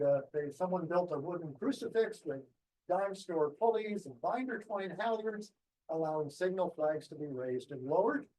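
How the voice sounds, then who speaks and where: A man's voice: a little high, a little mellow, low-quality recording. A man giving an anecdotal presentation to a club, rambling a little with ums and restarts. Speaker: guest speaker.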